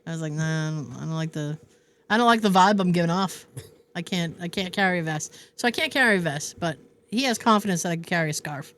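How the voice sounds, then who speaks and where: A woman's voice: fairly low pitch, quick pace, fairly bright tone. A woman in her fifties hosting a podcast, telling rambling stories with frequent laughter. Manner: rambling storyteller, laughs often. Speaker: podcast host. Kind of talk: casual chat. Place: indoor room with a space heater running. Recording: noisy room with heater hum.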